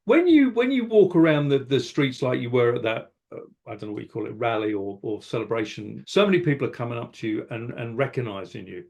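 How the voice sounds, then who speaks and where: A man, interviewing a guest and asking halting, rambling questions full of restarts. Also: mid-range voice, expressive, creaky, a little mellow. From South London. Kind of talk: casual interview talk.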